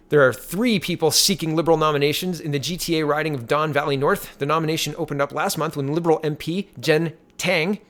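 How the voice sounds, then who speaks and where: Guy doing political commentary, fired up, reads tweets out loud, slightly high voice. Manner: animated, indignant, reads tweets aloud.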